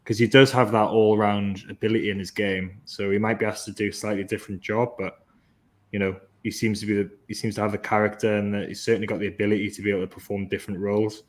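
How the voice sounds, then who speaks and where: Low-voiced man analysing football. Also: level tone, quick pace. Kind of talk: casual football podcast chat.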